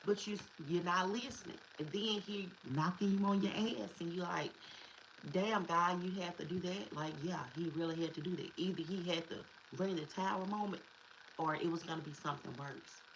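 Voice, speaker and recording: A woman's voice: lowish voice, fairly quick, slight background noise, rough recording. A woman giving a casual spiritual tarot reading, emphatic and repetitive, slipping into slang and curses. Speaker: tarot reader.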